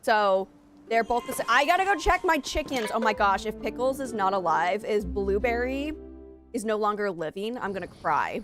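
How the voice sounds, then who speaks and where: A woman live-streaming a cozy game, talking excitedly to her chat and game animals over a headset. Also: fairly high pitch, normal speed, music in the background. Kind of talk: casual live-stream chat while gaming.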